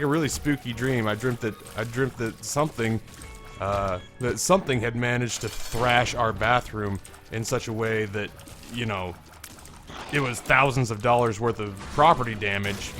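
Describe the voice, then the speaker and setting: A man's voice: medium pitch, fairly bright tone. A young man with a congested, sick-sounding voice, commentating a video game casually, rambling, swearing and making fun of himself. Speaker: gaming commentator. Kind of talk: casual let's-play commentary.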